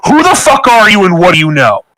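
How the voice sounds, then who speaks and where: A man's voice: high voice, wildly swooping pitch, fairly quick, bright, forceful tone, no echo, heavily acted, poor audio. A man voicing a confrontational woman in a tabletop game, speaking bluntly and demanding answers. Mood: threatening. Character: aggressive young woman, confrontational.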